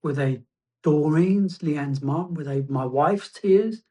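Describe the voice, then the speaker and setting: A man sharing a personal testimony as a guest, reflective and halting, often restarting his phrases. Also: on the high side, dark tone, muffled recording.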